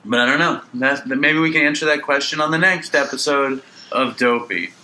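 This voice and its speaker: A man co-hosting a casual comedy podcast, teasing his partner with animated mock outrage. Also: mid-range voice, moderate pace, poor audio. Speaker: podcast co-host.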